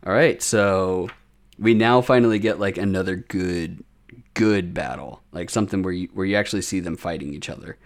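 A man's voice: sits low, normal speed. Rambling young man recapping an episode. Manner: rambling recap with many fillers, restarts and laughs. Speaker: podcast co-host recapping an anime episode. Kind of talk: casual chat.

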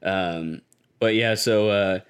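Man, low-pitched, casual podcast chat, profane, laughing, animated retelling. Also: slow pace, smooth. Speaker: podcast co-host. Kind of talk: casual chat recapping an anime.

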